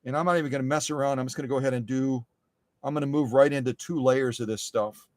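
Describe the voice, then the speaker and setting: A man's voice: mid-range voice, fairly even intonation, fast, a little mellow, no room sound, clean studio sound. A man hosting a sewing machine live stream in a workshop, chatty and folksy, often repeating his phrases. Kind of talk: casual demonstration talk.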